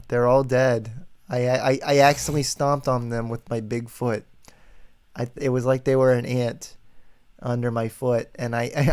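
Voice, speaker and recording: A man's voice: mid-range voice, a little mellow, clear, resonant tone. A man streaming live, chatting casually in a joking, teasing way.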